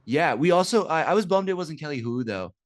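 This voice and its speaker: A man's voice: on the high side, expressive, brisk. A man co-hosting a podcast, talking casually about a movie and rambling through fillers and restarts. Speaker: podcast co-host.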